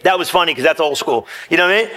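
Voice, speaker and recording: This male pastor delivers his church sermon very fast and at a fairly high pitch. He's energetic, trades jokes with the congregation, and sometimes climbs almost to a shout.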